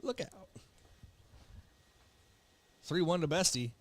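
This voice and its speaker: A young man from South Dakota calling baseball play-by-play with relaxed, joking banter between pitches while fighting the hiccups. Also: takes it slowly. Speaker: play-by-play announcer.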